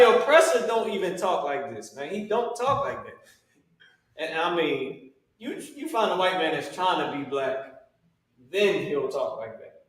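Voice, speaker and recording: A man's voice: on the high side, a bit bright, very echoey, distant mic, low-quality recording. A man teaching a religious language class, talking casually with slang and frequent restarts.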